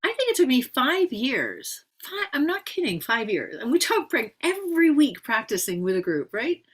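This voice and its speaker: A woman hosts a relaxed interview in a somewhat high voice. She speaks reflectively, often pausing and restarting her sentences. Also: slightly rough. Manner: reflective, halting with restarts and fillers. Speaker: host. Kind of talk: conversational interview.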